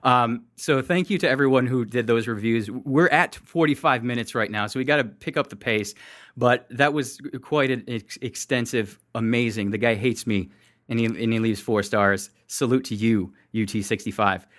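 A man's voice: mid-range voice, normal speed, fairly bright tone. A man co-hosting a casual podcast, self-mocking and laughing often as he reads out listener reviews and runs through upcoming events. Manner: laughs a lot while reading, self-mocking. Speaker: podcast co-host.

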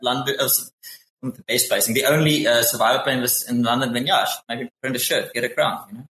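A man's voice: mid-range voice, steady tone, quick pace, pushed and bright, reverberant, poor audio. A man with a South African accent, chatting casually as a podcast guest and repeating words as he restarts sentences. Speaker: podcast guest, former Survivor player. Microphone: headset.

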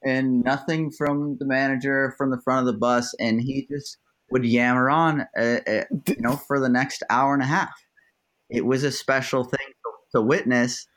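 Man, ex-ballplayer, easygoing amused recollection, mid-pitched. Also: fairly even intonation, normal speed, fairly bright tone. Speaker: former ballplayer guest. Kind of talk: casual storytelling chat.

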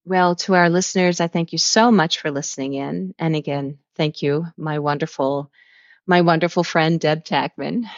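A woman's voice: deep voice, fairly even intonation, moderate pace, no room sound, dull audio. A woman hosting a podcast, talking in an enthusiastic, encouraging way as she wraps up an interview. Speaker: podcast host.

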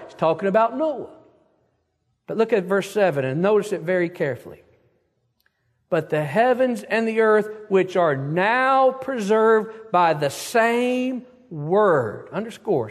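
A man preaching a sermon, reading scripture aloud and stressing words slowly and emphatically. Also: high voice, lively intonation, big-room sound.

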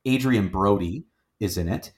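A man with a lowish voice chats casually about films as a host. He rambles along, circling back with fillers and restarts. He sounds easygoing and conversational. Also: moderate pace. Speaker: film review host. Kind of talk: casual movie review chat.

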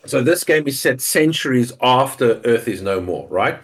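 A man's voice: medium pitch, lively intonation, moderate pace, slightly rough. A man co-hosting a podcast in casual chat, rambling and repeating words as he thinks. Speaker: podcast co-host.

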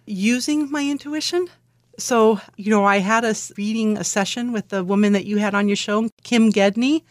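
A middle-aged woman from California speaks as a guest on an interview show, animated and quick to laugh as she tells her stories. Her voice sits in a middle register and is recorded close and dry. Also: mid-range voice, no echo. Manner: animated storyteller, laughs often, acts out quotes. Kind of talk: conversational interview.

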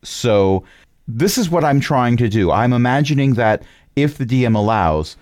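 A man playing a tabletop game, explaining his plans in a deliberate, wry way. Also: mid-range voice, expressive, a little mellow, dry recording, clean studio sound. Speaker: player.

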